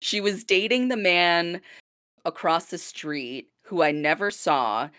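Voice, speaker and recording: A young woman with a fairly low voice tells a story on a casual podcast. She is lively, acts out the people she quotes and laughs often. Her voice is close and dry, with no room sound around it. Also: slow, no room sound. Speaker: podcast co-host.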